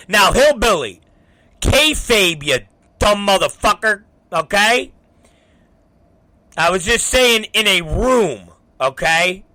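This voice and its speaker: A man hosting a talk show, telling a story in a casual, profane, animated way. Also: high voice, slow, pauses often, no room sound. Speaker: show host.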